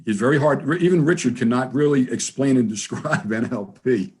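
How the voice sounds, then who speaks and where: A man's voice: mid-range voice, animated, a little fast, darkish tone, a little hiss or hum. A man giving a conversational masterclass, telling stories and acting out quoted dialogue. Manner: conversational, repeats words, acts out quoted dialogue. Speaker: NLP trainer giving a masterclass. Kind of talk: storytelling lecture.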